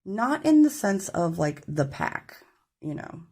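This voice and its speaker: A woman's voice: lowish voice, very animated, slow pace, dark tone, slightly rough. A woman giving a casual tarot reading to her camera, chatty and rambling, apologizing when she gets tongue-tied. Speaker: tarot reader. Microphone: camera mic.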